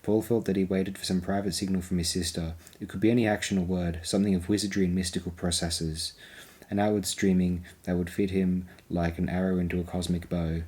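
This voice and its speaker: A man narrating an audiobook in a slow, deliberate, measured reading. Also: low voice, little pitch movement, darkish tone, husky.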